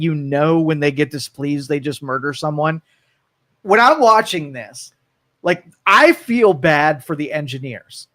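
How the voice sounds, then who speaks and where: A man hosting a call-in talk show, talking casually and rambling through opinions and comic stories. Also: a little high. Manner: rambling, animated storytelling. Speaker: radio talk show host.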